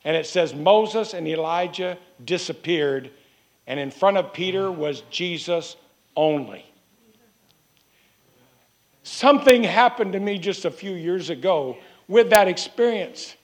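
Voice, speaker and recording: High-voiced man preaching a sermon. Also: lively intonation. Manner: earnest, repeats phrases, slows for emphasis.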